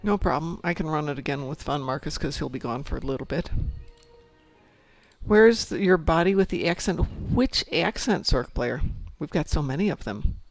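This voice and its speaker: Gravelly, higher-voiced male streamer. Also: lively intonation, moderate pace, faint music behind. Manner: chatty, reads out chat messages, rambling asides. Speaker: streamer host. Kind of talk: casual gaming stream chat.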